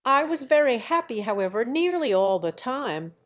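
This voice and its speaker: A woman reading the part of a gentle, naive young man, mild and earnest, in an audiobook. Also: on the high side, sing-song, moderate pace, pitched above the performer's own voice.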